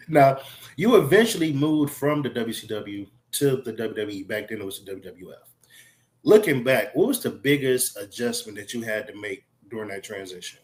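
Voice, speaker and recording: A man's voice: medium pitch, lively intonation, moderate pace. A man hosting an interview, asking questions with a fan's enthusiasm. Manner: enthusiastic fan, asks direct questions. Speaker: host.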